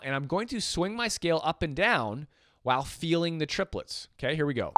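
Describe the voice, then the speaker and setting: A man teaching jazz piano in a relaxed, chatty way, counting beats aloud as he plays. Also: fairly high pitch, a little fast. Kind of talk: casual instructional talk. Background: piano playing and metronome clicks.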